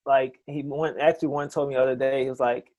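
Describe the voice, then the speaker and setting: A man's voice: mid-range voice, level tone, a little mellow, lo-fi sound. A man who works as a chiropractor, talking eagerly in a casual interview, often restarting his sentences. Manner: enthusiastic, talks in quick bursts with many restarts.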